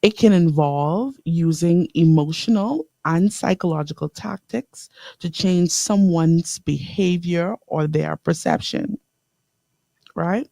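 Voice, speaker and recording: Gravelly-voiced woman radio host. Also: fairly low pitch, dry recording, studio quality. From the Bahamas. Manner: lively, talks straight to listeners, repeats key lines slowly. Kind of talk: inspirational radio talk show. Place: radio studio.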